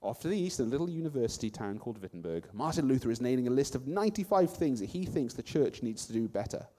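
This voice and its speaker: A man's voice: mid-range voice, very animated, quick pace, dark tone, big-room sound. A man doing a stately wise man. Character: grand, learned male wise man in fine clothes.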